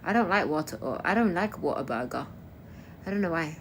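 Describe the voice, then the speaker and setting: A woman's voice: sits low, animated, a little fast, slight background noise. A young woman from Kosovo chatting casually on a livestream, answering her viewers' comments as they come in. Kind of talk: casual live-stream chat.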